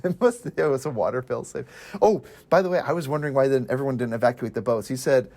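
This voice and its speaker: A young man in casual chat about a movie, animated and laughing, jumping into quick impressions. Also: mid-range voice.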